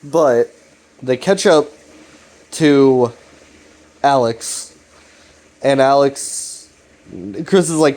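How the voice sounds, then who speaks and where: A man's voice: mid-range voice, extremely slow, pauses often, darkish tone. Young man rambling, profane and loose. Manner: profane, loose, full of fillers. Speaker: video commentator. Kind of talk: casual rambling recap commentary.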